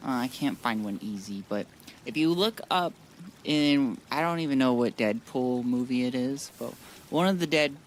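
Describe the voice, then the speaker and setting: A man's voice: mid-range voice, moderate pace, slight background noise. A man streaming a modded game, chatting casually in a rambling, blunt way with frequent restarts. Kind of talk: casual live-stream chat.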